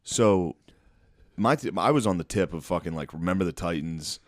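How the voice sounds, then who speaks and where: A man with a very low, deep voice, talking bluntly and sarcastically on a podcast, swearing freely. His voice is recorded close and dry. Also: expressive, moderate pace, no room sound. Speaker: podcast co-host. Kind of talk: casual podcast chat.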